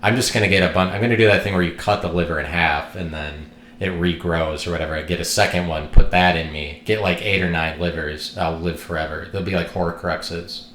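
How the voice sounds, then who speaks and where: A man's voice: deep voice, steady tone, a little fast, a bit bright, echoey room, slight background noise. A man hosting his own podcast, talking alone in a rambling, joking, irreverent way and swearing now and then. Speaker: podcast host. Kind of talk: rambling solo podcast monologue.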